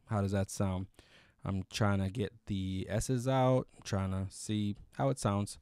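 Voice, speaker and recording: A man's voice: lowish voice, fairly even intonation, unhurried, dark tone, clear, resonant tone, no room sound, studio quality. A man casually reviewing microphones on camera, rambling with fillers and restarts. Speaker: YouTube gear reviewer. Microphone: close studio microphone.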